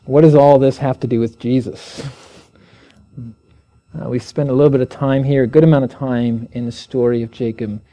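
A man's voice: fairly even intonation, moderate pace, warm tone. A man preaching an evening Bible teaching, speaking earnestly and asking his listeners questions as he reads scripture aloud. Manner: earnest, asks the listeners questions, raises pitch when reading scripture aloud.

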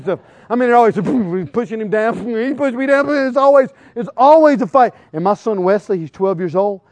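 A man's voice: high voice, brisk, no echo. A middle-aged man preaching a sermon as an evangelist, firing questions at his listeners and acting out everyday scenes. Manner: animated, questions the crowd and acts out scenes.

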